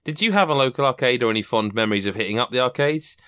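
A man co-hosting a podcast, giving short flat replies and reading out listener questions. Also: medium pitch, very fast, clean tone, dry recording, studio quality. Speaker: podcast co-host.

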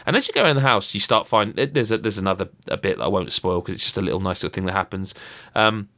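A man's voice: on the low side, animated, fast, bright, forceful tone. A man in casual chat, rambling through a story with restarts and acted-out quotes. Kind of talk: casual chat about a video game.

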